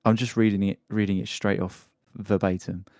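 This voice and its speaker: A man's voice: lowish voice, level tone, normal speed, a little mellow, no echo, clean studio sound. A man hosting a casual podcast, joking and rambling while reading a news story aloud. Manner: joking, rambling, laughs often. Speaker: podcast host.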